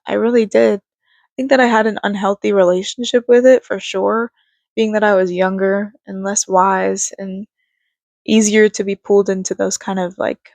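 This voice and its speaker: A woman's voice: medium pitch, vocal fry, darkish tone, no echo. A young woman talking casually to camera about life and faith, rambling with fillers and laughs, and a bit congested. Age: young adult. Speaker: vlogger. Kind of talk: casual reflective talk to camera.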